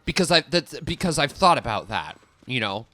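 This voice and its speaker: A man's voice: mid-range voice, big pitch swings, moderate pace, bright, forceful tone, faint music behind. A young man chatting casually while he streams a game, rambling with many fillers and swearing now and then at what happens on screen. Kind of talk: casual chat while gaming.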